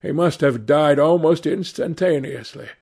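A man voicing a calm, worldly aristocrat with a measured manner in a storybook reading. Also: a little high, slightly rough. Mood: calm, grave.

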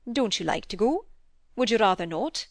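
Woman reading a gruff, fond doctor father. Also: medium pitch, expressive, normal speed, no room sound. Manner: grave, teasing, with little impatience. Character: middle-aged male country doctor, gruff but fond father. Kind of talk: audiobook dialogue reading.

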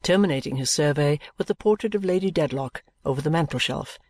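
An audiobook reader narrating a classic novel in a measured, even storytelling manner. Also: mid-range voice, dry recording.

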